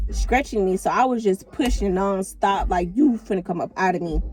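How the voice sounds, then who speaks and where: A woman's voice: mid-range voice, dark tone, poor audio. A young woman vlogger telling a candid, chatty storytime straight to her viewers, often calling them "y'all". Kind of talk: casual storytime to camera.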